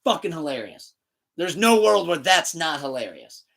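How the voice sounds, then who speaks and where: A man hosting a casual podcast, telling stories in an animated way, laughing often and swearing freely. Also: a little high, normal speed, creaky, a crowd in the background. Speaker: podcast host.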